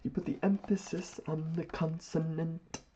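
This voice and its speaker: A man's voice: on the high side, little pitch movement, measured pace, warm tone, a little hiss or hum. A man rambling through a philosophical monologue while he doodles, drifting into mock-grand phrasing. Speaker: vlogger. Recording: dull lo-fi audio.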